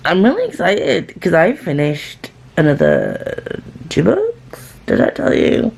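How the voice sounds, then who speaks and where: A woman's voice: fairly low pitch, wildly swooping pitch, takes it slowly, gravelly, darkish tone, breathy edge. A woman book vlogger in casual chat, playful and rambling with chatty asides, hungry and a bit giddy. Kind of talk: casual reading vlog chat.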